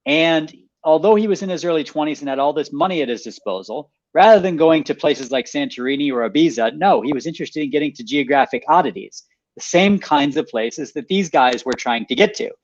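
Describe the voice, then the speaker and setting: A man, an author guest in a radio interview, animated as he explains a story, restating points and laughing lightly. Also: a little high, brisk, dry recording, lo-fi sound.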